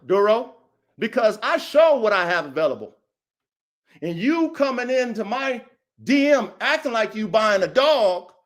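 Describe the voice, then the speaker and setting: Very high-voiced combative male podcast host. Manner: combative, repetitive, talks straight to a rival. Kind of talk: confrontational livestream call-out.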